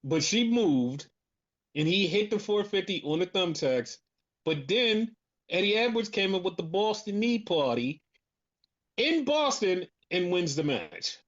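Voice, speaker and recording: Brief: foul-mouthed co-host, animated rants, middle pitch, dull lo-fi mic. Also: a little slow. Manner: profane, animated ranting. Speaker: podcast co-host. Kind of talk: casual chat.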